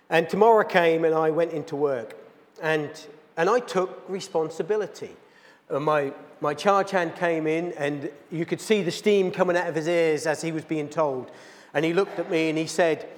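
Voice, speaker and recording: A man preaches to his congregation with a fairly high voice. He speaks earnestly and tells plain stories. His words carry a long reverb from the church hall. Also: normal speed. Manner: storytelling, earnest and plain-spoken. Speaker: pastor. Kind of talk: sermon.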